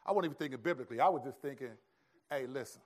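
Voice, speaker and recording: A pastor preaching a sermon in an animated, conversational storytelling way. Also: male voice, mid-range voice, rapid-fire.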